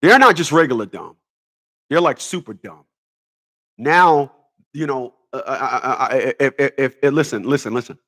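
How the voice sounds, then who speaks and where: A man's voice: medium pitch, animated, normal speed, a bit bright. A man ranting in a rambling comedic monologue, stammering and repeating words as he goes. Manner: stammers and repeats words, laughs at own jokes. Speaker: vlogger.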